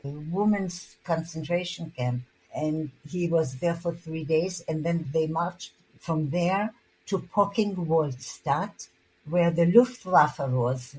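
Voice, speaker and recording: A husky, fairly low-pitched older woman gives personal testimony. She speaks haltingly and often restarts her words as she recalls events. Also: darkish tone, poor audio. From Hungary. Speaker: interviewee.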